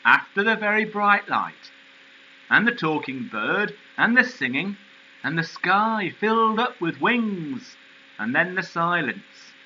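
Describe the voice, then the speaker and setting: A man voicing a plain-spoken male sheepdog with a Northern English accent, telling his story slowly. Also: high voice, sing-song, sharp tone, dull audio, a little hiss or hum, heavily acted. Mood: wistful. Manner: slow, homely storytelling.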